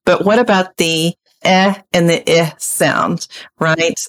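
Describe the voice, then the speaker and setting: A woman with an Oklahoma accent, speaking as a literacy educator on a panel and explaining phonics in an animated way, now and then acting out children. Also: lowish voice, slow pace. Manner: animated, acts out children's voices.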